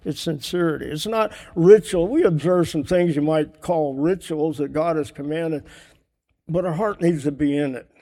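A man's voice: on the high side, moderate pace, dark tone. A man preaching a sermon earnestly, asking his listeners question after question and teaching from a board. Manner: earnest, asks rhetorical questions; writes on a board while teaching.

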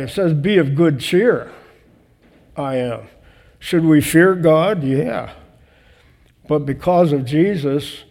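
A man preaches a conversational Bible-teaching sermon, his voice mellow and slightly high-pitched. He reads scripture aloud and explains it in a relaxed, plain way, with small restarts. The sound carries a long hall reverb.

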